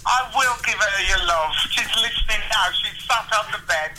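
A woman's voice: medium pitch, moderate pace, music in the background. A woman calling in to a podcast, talking cheerfully over the phone. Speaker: guest on the phone. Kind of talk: casual chat. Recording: phone line.

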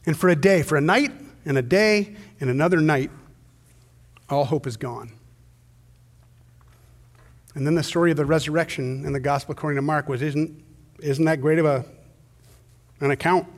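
A male pastor preaching a sermon, swinging from hushed, slow storytelling to loud, intense emphasis. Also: fairly high pitch. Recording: long hall reverb.

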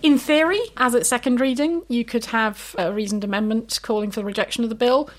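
A woman's voice: fairly high pitch, a little fast. A woman co-hosting a podcast, explaining procedure in a knowledgeable, chatty way. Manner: knowledgeable, chatty, frequent 'you know'. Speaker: podcast co-host. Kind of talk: explanatory chat.

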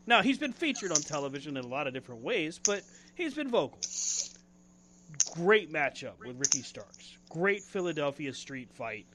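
A man hosting a casual wrestling podcast, talking in an animated way with dramatic pauses and frequent laughter. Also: a little high, noisy background. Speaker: podcast host.

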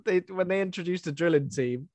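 A man's voice: high voice, brisk, a little mellow, no room sound. Brief: male co-host, wry and easygoing, dry close recording. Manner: wry, laughs easily. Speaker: podcast co-host. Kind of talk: casual film chat.

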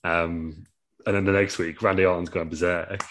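Low-voiced man rambling a story. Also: flat delivery, normal speed, fairly bright tone, slight background noise. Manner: rambling, laughs between lines, swears. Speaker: podcast co-host. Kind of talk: casual storytelling chat.

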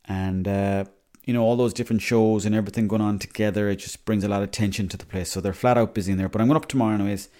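A man's voice: fairly low pitch, fairly even intonation, racing, few pauses, mellow. A young Irish man hosting a podcast, rambling in a chatty, casual monologue and swearing freely. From Ireland. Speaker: podcast host.

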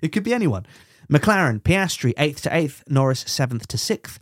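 A man's voice: a little high, sing-song, normal speed, no echo, studio quality. A man co-hosting a podcast in casual chat, running through results with jokes. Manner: jokey, runs through race results with silly voices. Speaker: podcast co-host.

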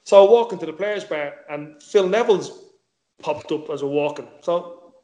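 A man's voice: on the high side, normal speed, dark tone, echoey room. A man casually telling a football story, swearing freely and acting out the dialogue. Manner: swears freely, tells stories with quoted dialogue. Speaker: former footballer guest.

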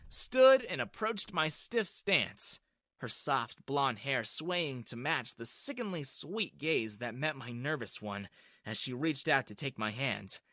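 Brief: male story narrator, bright and lively, dry close sound. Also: medium pitch, no room sound. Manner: lively, expressive reading. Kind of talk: first-person story narration.

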